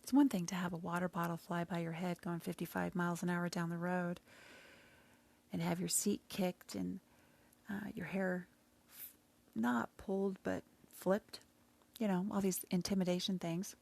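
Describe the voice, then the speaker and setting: A woman host telling a personal story in an emotional, halting way, sometimes dropping to a whisper. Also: lowish voice, flat delivery, creaky, a little mellow. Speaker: podcast host sharing her story.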